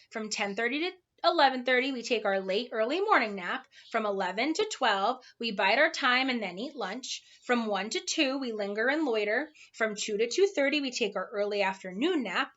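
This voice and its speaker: A woman's voice: a little high, expressive, normal speed, few pauses, a bit bright, dull audio. A woman doing lazy, drowsy storybook townsfolk. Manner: droning, lazy sing-song recitation.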